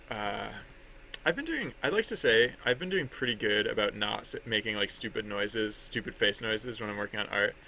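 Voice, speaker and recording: Gravelly, bright-voiced man rambling casually. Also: fairly low pitch, slight background noise. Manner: rambling, many fillers and restarts, laughs at himself. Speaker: artist streaming his drawing. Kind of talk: casual livestream chat while drawing.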